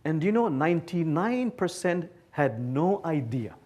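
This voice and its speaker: A man from Bangladesh, giving an animated, playful public lecture to a live audience. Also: on the high side, measured pace. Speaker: guest speaker. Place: talk before a live audience.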